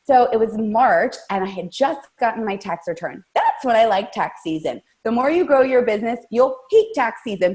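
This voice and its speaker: A woman's voice: fairly high pitch, lively intonation, normal speed, hardly any pauses, darkish tone. A woman guest-hosting a coaching team call, telling her story in a colorful, chatty way and speaking straight to her listeners. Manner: chatty, addresses listeners directly. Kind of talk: casual motivational storytelling.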